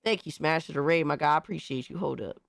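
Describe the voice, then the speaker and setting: Hoarse, excitable male live streamer. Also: fairly high pitch, fast talker, no room sound, studio quality. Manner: excitable, profane, shouting out viewers. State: hoarse, recovering from illness. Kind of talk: casual live-stream chat.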